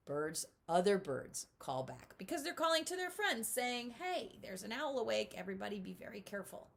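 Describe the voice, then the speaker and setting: A middle-aged woman giving children a lively home lesson, speaking right to the kids and doing bird calls. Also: medium pitch, moderate pace, gravelly, few pauses. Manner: animated, talks straight to kids, imitates owl calls. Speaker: children's author teaching at-home learners. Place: home, indoors.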